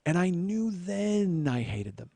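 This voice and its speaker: A man's voice: sits high, big pitch swings, takes it slowly, creaky, warm tone, dry recording. A male comedian and podcast host telling a profane, sardonic story as a ranting monologue.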